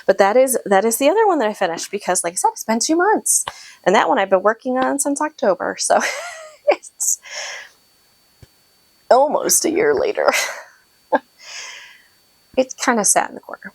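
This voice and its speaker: A woman's voice: fairly high pitch, sing-song, normal speed, creaky, pauses often, dry recording. A woman in her thirties hosting a knitting podcast, talking in a rambling, chatty way with frequent laughs and restarted sentences, close to her microphone. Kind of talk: casual chat to camera.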